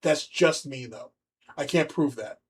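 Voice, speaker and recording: A man's voice: fairly high pitch, a little slow, husky. A man hosting a livestream, rambling and mocking as he comments on a video. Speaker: streamer host.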